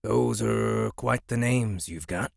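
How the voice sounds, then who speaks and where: Man doing a gravelly, curt military commander. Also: lowish voice, takes it slowly, no room sound, clean studio sound, exaggerated voice. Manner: curt, contemptuous. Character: brusque short male military base commander. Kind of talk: audiobook character voice.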